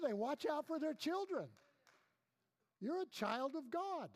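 A male pastor preaching a sermon in a noticeably high voice. He drives points home by repeating phrases and weaves in personal stories. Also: huge pitch swings, a little slow. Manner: emphatic preaching with repeated phrases and storytelling asides.

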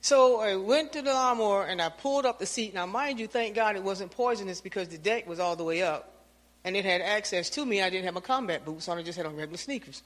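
A woman telling a lively, anecdotal testimony to her church, acting out the lines she and others said. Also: mid-range voice, quick pace, in a large hall. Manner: lively storyteller, acts out her own lines. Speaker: church member giving testimony.

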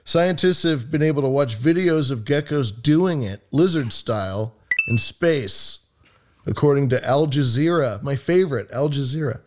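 A man's voice: medium pitch, expressive, moderate pace. A man hosting a podcast in casual chat, reading a news story aloud with jokes and plenty of swearing. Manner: jokey, swears freely, laughs often. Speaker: podcast host.

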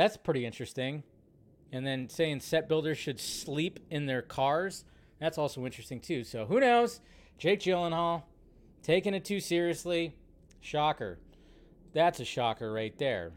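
High-voiced man ranting about film news. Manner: animated, ranting, sarcastic asides. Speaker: host of a live film news show. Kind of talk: casual live commentary on film news.

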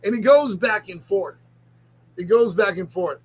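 Middle-aged ministry leader, confessional vlog, halting and near tears, speaks high. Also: male voice, breathy edge, poor audio. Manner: halting, repeats himself, restarts sentences. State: on the verge of tears.

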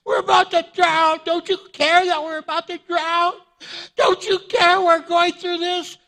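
A man voicing a grieving, frantic woman who pleads with Jesus in a shrill falsetto. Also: flat delivery, unhurried, creaky, sharp tone, heavily acted. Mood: pleading.

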